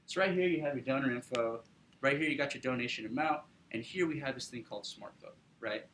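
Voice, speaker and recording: Young man, bright voice, casual startup pitch with a faint room hum behind. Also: fast, low-quality recording. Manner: casual, upbeat, with frequent fillers and tag questions. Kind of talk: business pitch presentation.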